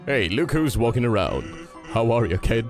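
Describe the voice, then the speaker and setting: A man reading a relaxed, teasing skeleton's lines from a game. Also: mid-range voice, normal speed, soft background music, voice pushed down. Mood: laid-back. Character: laid-back joking skeleton man.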